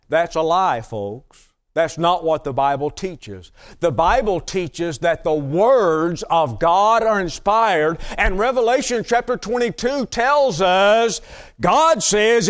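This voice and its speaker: A male preacher delivers a teaching sermon, hammering his points home by repeating them. He speaks slowly and stretches his stressed words. His voice sits a little higher than most men's. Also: animated. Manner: emphatic, repeats key phrases, drawn-out stresses.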